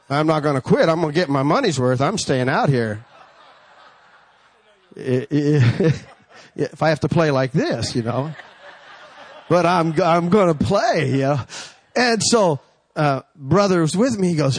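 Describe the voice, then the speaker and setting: A man preaching with a slightly high voice, recorded dry and close. He swings from long, ringing cries of praise down into a low, folksy, chatty way of telling a story, laughing at himself along the way. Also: normal speed, no echo. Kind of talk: sermon with a told story.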